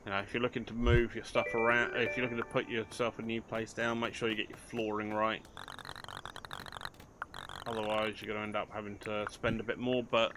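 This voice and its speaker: Low-voiced older man gaming. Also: flat delivery, brisk, background noise. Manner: chatty, self-mocking, dry humour, talks to game characters. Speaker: gaming channel host. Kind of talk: casual let's play commentary.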